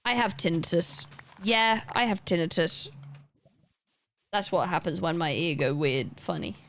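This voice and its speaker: A woman's voice: fairly low pitch, expressive, measured pace. A young woman livestreaming a game, chatting casually and rambling as she plays and talks to her chat.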